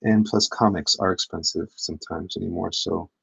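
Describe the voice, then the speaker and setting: A man's voice: sits low, steady tone, moderate pace, vocal fry, a bit bright, slightly rough, no echo, low-quality recording. A man, a comic artist, chatting casually to his livestream audience while he draws, rambling and poking fun at himself. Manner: rambling and self-deprecating, talks to chat.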